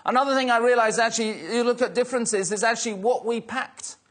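Husky, high-voiced man telling a story. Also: fast, a bit bright. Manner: anecdotal, repeats "like I say". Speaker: guest speaker. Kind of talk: sermon-style testimony talk.

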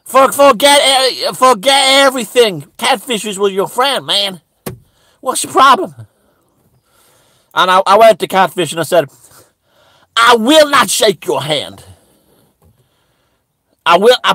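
A man playing a bigoted, stammering preacher who rambles indignantly and breaks into high shouts. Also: expressive, measured pace, pauses often, no room sound, heavily acted. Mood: shouting. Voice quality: stammering, repeating words. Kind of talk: satirical character monologue.

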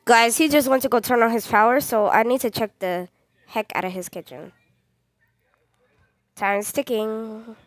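Clean studio sound with no echo carries this slightly high, somewhat slow female voice, broken by long pauses. She's a young, easily frightened gaming host giving excited commentary directly to viewers, looping the same short phrases again and again.

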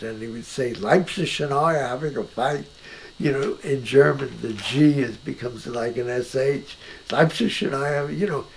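An older man, a painter, talking at home about art in an animated and emphatic way, often restarting his sentences. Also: mid-range voice, low-quality recording. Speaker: painter being interviewed. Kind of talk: casual conversation. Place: his own house.

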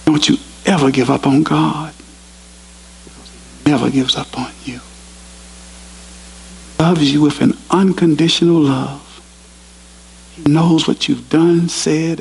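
Gravelly preacher. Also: male voice, on the high side, darkish tone, poor audio. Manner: earnest, storytelling preacher. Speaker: pastor. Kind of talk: sermon. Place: university chapel.

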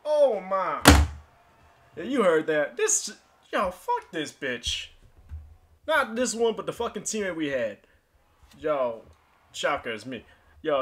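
Young male gaming commentator, fairly high voice, angry swearing rants at teammates. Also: a bit bright. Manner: frustrated, swearing, ranting at teammates. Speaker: gaming youtuber. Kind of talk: casual gameplay commentary.

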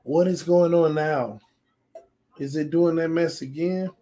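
A man with a strained, hoarse voice chats casually through a live gaming stream. He sits a bit high in his range and turns excitable and playfully trash-talking while reading comments aloud. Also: unhurried. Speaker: sports channel host. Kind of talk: casual livestream gaming chat.

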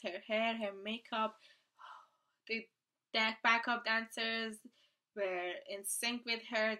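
A young woman talking casually in a reaction vlog, gushing and excitable, swearing freely and now and then dropping into a whisper. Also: fairly high pitch. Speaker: YouTuber reacting to a music video.

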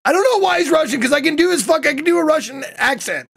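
Gravelly man in casual game commentary. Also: extremely high pitch, expressive. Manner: casual, swearing, quick asides. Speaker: streamer. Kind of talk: casual let's-play commentary.

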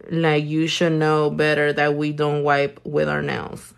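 Woman nail artist chatting while she works, lowish voice, slow and blunt, swears a lot. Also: monotone, vocal fry. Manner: blunt, profane, chatty, slangy. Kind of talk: casual chat while doing nails on a livestream.

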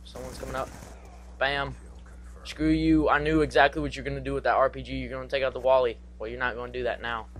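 Young male gaming commentator, excitable and goofy, average pitch, faint background noise. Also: fast talker. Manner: excitable, goofy, trash-talking, singsong asides. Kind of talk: live gameplay commentary.

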